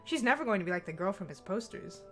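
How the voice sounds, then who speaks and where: A woman reading a visual novel's second-person narration aloud in an expressive, playful way. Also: medium pitch, fast talker, faint music behind.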